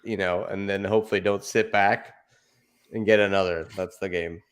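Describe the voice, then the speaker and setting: A man with a lowish voice talks through match tactics on a casual fan show. He reasons it out in an earnest, plain way. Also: fairly even intonation, normal speed, clean tone. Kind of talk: casual soccer fan chat.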